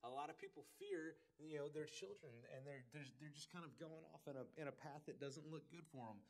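A pastor in his thirties gives a relaxed, conversational sermon. His voice sits a touch higher than most men's, and he talks in a folksy, joking manner. He often repeats words as he goes. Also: fairly quick.

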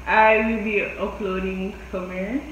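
A woman's voice: mid-range voice, fairly even intonation, unhurried, a bit bright. A young woman, a guest teasing her friend in a casual mukbang chat. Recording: echoey, dull and noisy room.

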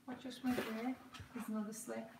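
A woman's voice: on the high side, little pitch movement, normal speed, vocal fry. Chatty woman, echoey room. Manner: chatty, talking to her baby and her viewers while opening gifts. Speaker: livestream host. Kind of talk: casual livestream chat. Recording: echoey room, far from the mic, noisy background.

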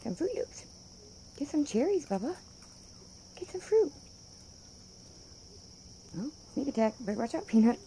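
This woman rescues wildlife and speaks to her animals in a high, mellow, sing-song baby voice, unhurried and pausing often. She laughs frequently while filming them on her phone casually. A little hiss or hum runs through the recording.

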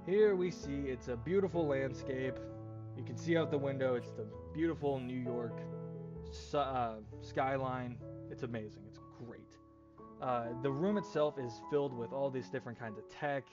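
A man's voice: medium pitch, measured pace, highs cut off, music in the background. A man running a tabletop role-play session as game master, casual and self-deprecating.

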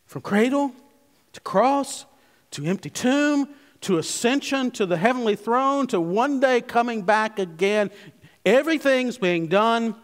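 A male pastor preaching a sermon, emphatic, with loud stresses that fall away to hushed low asides. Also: expressive, a little slow, long reverb tail. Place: church sanctuary.

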